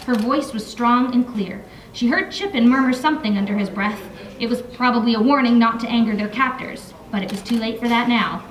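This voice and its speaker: A woman's voice: fairly high pitch, fairly bright tone, slight background noise. Young woman author reading in an echoey room. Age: young adult. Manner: casual asides with fillers between readings. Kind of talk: reading aloud from her novel. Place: library room. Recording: echoey room, mic from far off.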